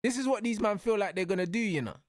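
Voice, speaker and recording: High-voiced young man, excitable. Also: fast, dry recording, studio quality. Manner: excitable, slangy, yelling at the referee. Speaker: streamer. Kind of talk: live fight watch-along commentary.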